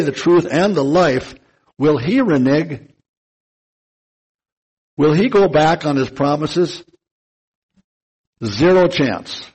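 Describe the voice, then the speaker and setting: A man delivers a sermon at an unhurried pace. He lingers on key words to give them weight, and his voice has a husky edge. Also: a little high, a little mellow, poor audio. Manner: slow and deliberate, stretching key words for emphasis. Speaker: preacher.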